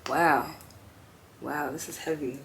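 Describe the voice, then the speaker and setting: Slow, low-voiced woman with a gravelly edge. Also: fairly even intonation, a bit bright, slight background noise. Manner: slow, heartfelt, emotional, trailing off with fillers. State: tearful, crying at times. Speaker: vlogger. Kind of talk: personal confessional talk to camera.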